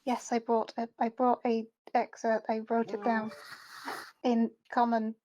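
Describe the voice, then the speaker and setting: Giggly girl at a tabletop game, kinda high voice, muffled mic. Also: monotone, measured pace, mellow, a little hiss or hum. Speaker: player. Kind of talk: casual tabletop play.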